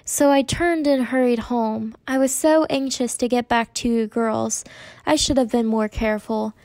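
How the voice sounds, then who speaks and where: A tender storybook mother, soft-spoken and steady, who quietly makes light of her own trouble, as a woman reading aloud puts her on. The voice sits a little high and dry, close to the mic. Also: moderate pace, dry recording, natural voice. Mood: soothing. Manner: soft, steady, self-deprecating. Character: gentle, injured mother, calm and reassuring.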